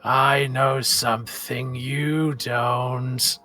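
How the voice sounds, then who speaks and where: Man doing a slow, menacing alien creature in a tabletop game, cruel and distant, bright-edged tone. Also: mid-range voice, flat delivery, soft background music. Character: alien-possessed male creature, cruel, sadistic.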